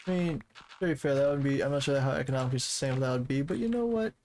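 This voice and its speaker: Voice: medium pitch, very fast, a little hiss or hum, poor audio. Laid back streamer muttering counts n rambling while building, casual game chat. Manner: relaxed and rambling, counting blocks aloud.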